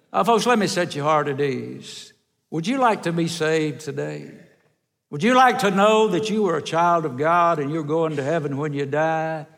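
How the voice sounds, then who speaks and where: A male traveling evangelist preaching a revival sermon in a church, earnest and storytelling, slowing down for emphasis. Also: on the high side, fairly bright tone. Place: large church sanctuary. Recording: echoey sanctuary with long reverb.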